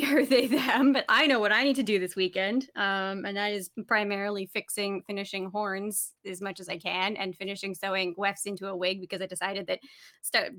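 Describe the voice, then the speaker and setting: Bright, rambling young woman. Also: medium pitch. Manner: rambling, self-mocking. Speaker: player. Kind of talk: casual chat.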